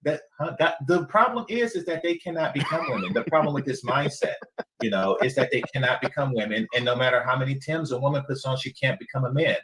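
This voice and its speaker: A man's voice: medium pitch, quick pace, fairly bright tone, rough recording. A man making a blunt point in a casual debate, half laughing. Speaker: panelist.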